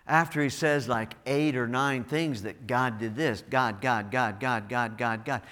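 A man preaching a sermon as pastor. He repeats phrases over and over and builds to loud, emphatic delivery. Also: medium pitch, measured pace. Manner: builds from a hushed prayer to loud, emphatic preaching with heavy repetition. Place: church sanctuary. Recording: church hall reverb.

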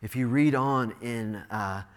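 A man preaching a sermon through a microphone, animated and breaking into emphatic bursts. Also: mid-range voice, a little slow, in a large hall. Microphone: wearing a microphone.

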